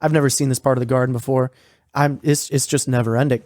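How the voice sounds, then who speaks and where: A man's voice: medium pitch, steady tone, fast talker, darkish tone, dry recording, lightly acted. Man putting on young woman, profane, exasperated, lost in a haunted garden, dry close sound. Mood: weary.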